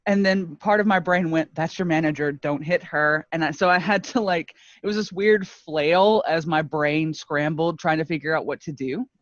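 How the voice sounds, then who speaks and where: Animated laughing woman, muffled dry mic. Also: on the low side, normal speed, few pauses, no room sound. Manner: animated, self-mocking, laughs often. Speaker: podcast co-host. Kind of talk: casual storytelling chat.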